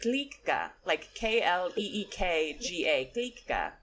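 Playful, low-pitched woman co-host. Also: a little slow, fairly bright tone, a little hiss or hum. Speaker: podcast co-host. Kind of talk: casual chat.

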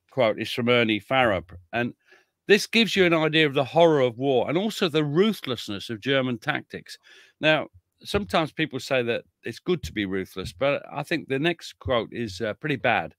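A man with a bright, forceful voice speaks as a guest historian in a relaxed interview. He talks loosely, restarting his sentences and chuckling at his own blunt asides, and the sound is dry and close. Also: mid-range voice, normal speed, no echo. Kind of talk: casual conversational interview.

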